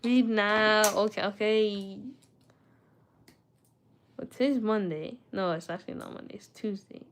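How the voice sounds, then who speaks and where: A woman's voice: medium pitch, a little slow, a little hiss or hum. A young woman chatting casually to her viewers and reading a book aloud, with retainers in her mouth that slightly thicken her speech, stumbling and restarting as she goes. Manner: chatty, self-talking, reads aloud with stumbles. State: talking with retainers in. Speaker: study vlogger.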